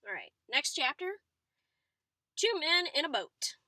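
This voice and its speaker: A woman reading a novel aloud in a chatty way, stopping now and then for excited asides. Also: high voice, a little slow, dry recording. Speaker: reader.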